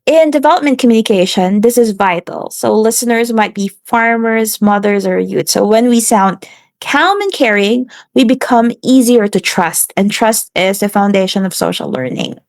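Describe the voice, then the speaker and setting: A woman presenting a class lesson on relaxing the voice, steady and instructive, with some slips and restarts. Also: medium pitch, normal speed, no echo. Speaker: student presenter.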